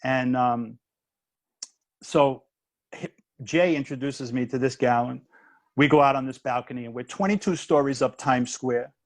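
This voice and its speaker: In a recording with no room sound, a fifty-something former comedian now a minister chats casually through a story. His voice is medium-pitched, and he restarts quickly and performs the dialogue himself.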